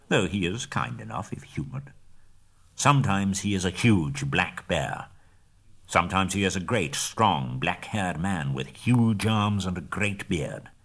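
A man voicing a wise, commanding old male wizard in a storybook reading, with forceful, emphatic speech. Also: deep voice, creaky, exaggerated voice.

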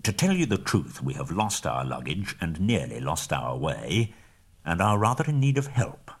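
A man voicing a wise, commanding old male wizard in a storybook reading, with forceful, emphatic speech. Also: low voice, wildly swooping pitch, moderate pace, breathy edge, exaggerated voice. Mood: courteous.

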